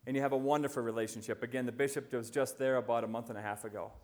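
A man preaching a sermon as a visiting pastor, telling stories and slowing down to stress key lines. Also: medium pitch, fairly even intonation, a little mellow. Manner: storytelling, slowing right down for emphasis.

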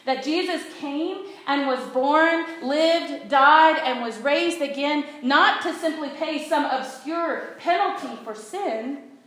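A woman preacher with a slightly high voice gives an earnest sermon and leads her congregation in call-and-response. Her words bounce around a big, very echoey church hall. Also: a bit bright. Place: church sanctuary.

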